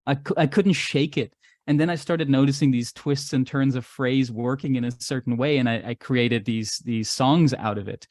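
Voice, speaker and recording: Recorded close and dry with no room sound, a man's mid-range, slightly mellow voice moves at a moderate pace. A recurring podcast guest who makes art and music, he shares expansive, reflective stories in relaxed conversation.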